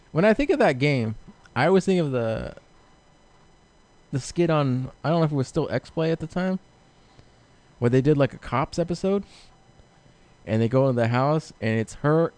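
Casting note: male podcast co-host, mid-pitch, rambling and self-deprecating, seated at a table. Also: a little mellow. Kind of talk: casual chat. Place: small room, seated at a table.

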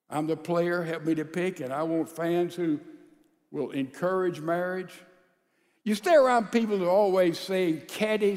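A male pastor preaching a sermon to a large church congregation, calling out to the crowd and swinging between loud and soft. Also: high-pitched, in a large hall. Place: large church sanctuary with a balcony.

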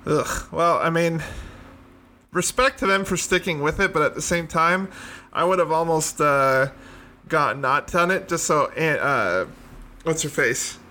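A man in a casual chat, rambling with quick, joking quips. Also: on the high side, sharp tone.

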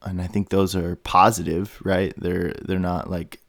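A man's voice: low voice, level tone, unhurried, creaky, no room sound, clean studio sound. A man hosting a solo podcast, thinking aloud in a meandering way with many fillers and restarts. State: has the hiccups. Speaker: podcast host. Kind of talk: rambling solo podcast monologue.

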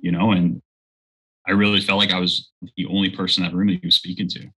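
A man in his thirties gives heartfelt testimony about his faith while guesting in a conversation, mimicking people he quotes. He's a fast talker with a low, husky voice that barely moves in pitch and sounds pushed and bright, captured on poor audio.

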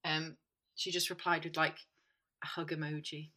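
A woman's voice: low voice, level tone, moderate pace, sharp tone. A young woman co-hosting a podcast, wry and teasing, swearing casually. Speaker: podcast co-host. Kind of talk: casual chat.

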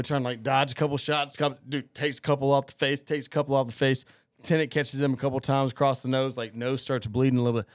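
A young man spins a loose, profane story on a casual podcast. He talks at a mid pitch and leans on constant fillers and restarts. His voice is recorded dry and close. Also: no echo. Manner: profane, rambling, full of fillers. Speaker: podcast host.

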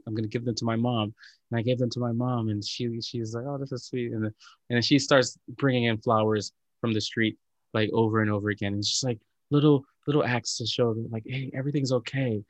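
A man's voice: medium pitch, steady tone, fast, no room sound. Guy chatting earnestly, lots of likes and restarts, dry close sound. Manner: earnest, reflective, many filler likes and restarts. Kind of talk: casual chat.

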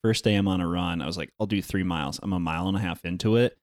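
Give me a rambling podcast co-host, a man with a very low voice. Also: racing, no echo, studio quality. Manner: laid-back, rambling storyteller. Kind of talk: casual chat.

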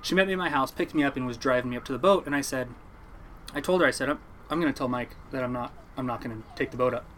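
Racing along in a mid-range voice, a young man who fishes commercially off the Oregon coast recounts a story during a relaxed interview. He animatedly performs the voices of the people he quotes. There's slight background noise.

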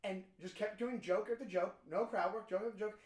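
Man, high voice, rapid talk, animated storyteller, swears, casual podcast chat. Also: reverberant, slight background noise. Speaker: podcast co-host, comedian.

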